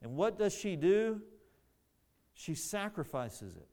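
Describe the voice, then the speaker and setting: A man's voice: high-pitched, sing-song, slow, a little mellow. A man preaching a sermon, earnest, often repeating words as he searches for the phrasing.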